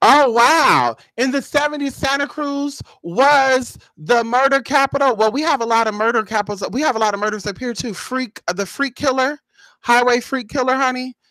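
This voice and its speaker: A woman telling a rambling, animated story to her viewers, cursing freely and acting out her own reactions with loud exclamations. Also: on the high side, no echo. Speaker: spiritual vlogger.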